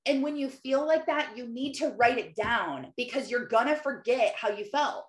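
A thirtysomething woman talks about faith and family in a relaxed, meandering way, peppering everything with "like." Her voice sits high and moves at a moderate pace with few pauses, and the home-office recording echoes noticeably.

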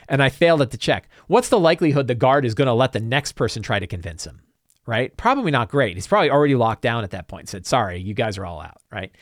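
A man hosting a talk show, chatting casually and answering viewer questions in a rambling, animated way. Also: medium pitch, fast talker, dry recording, studio quality. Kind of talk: casual chat.

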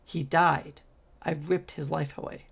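A man's voice: on the high side, little pitch movement, normal speed, vocal fry, husky, heavily acted. A man voicing a female angel of vengeance who speaks in an earnest, pleading way. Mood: distressed.

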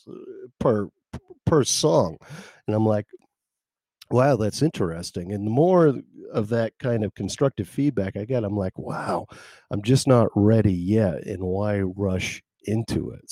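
A middle-aged man from rural Maine hosts his own podcast as a casual solo monologue, rambling loosely and reflecting on himself while often pausing and restarting. His voice is low and mellow with relaxed warmth, and the sound is dry and close with no room around it.

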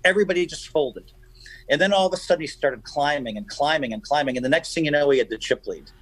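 A man guesting on a radio show, telling stories in an animated, emphatic way. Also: a little high, fast talker, slightly rough, no room sound, poor audio. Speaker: guest poker player. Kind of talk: casual radio chat, storytelling.

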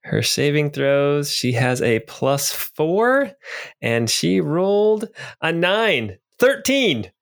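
A man running a tabletop game as game master, describing scenes in a relaxed way and laughing easily. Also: a little high, takes it slowly, creaky.

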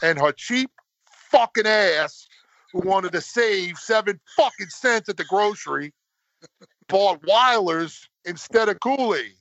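A man telling a story in casual chat, swearing constantly and getting animated as he goes. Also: takes it slowly, no room sound. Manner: animated, voice climbs high when worked up. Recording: dull lo-fi dry sound.

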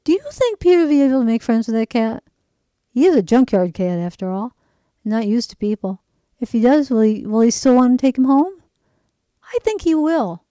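A woman reading a children's story aloud, animated, pausing to talk to young listeners. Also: fairly high pitch, no echo, low-quality recording.

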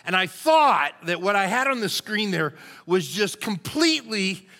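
Brief: male pastor, bright, fairly high voice, hoarse, folksy sermon delivery in a reverberant sanctuary. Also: very animated, a little slow. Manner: folksy, conversational, storytelling. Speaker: lead pastor. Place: church sanctuary. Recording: long reverb of a church hall.

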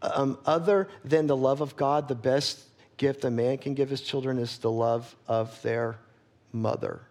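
A man preaching a sermon as pastor, earnest and candid, often checking in with his listeners and growing soft and quiet when he gets personal. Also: medium pitch, fairly even intonation, measured pace. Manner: earnest, candid, asks the congregation for agreement.

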